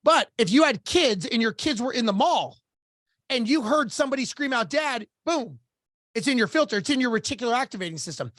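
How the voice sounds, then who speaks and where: A man telling stories as a business coach and podcast guest, lively and casual, acting out the dialogue he recounts and swearing now and then. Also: very high voice, brisk, no echo, clean studio sound. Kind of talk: storytelling in a podcast interview.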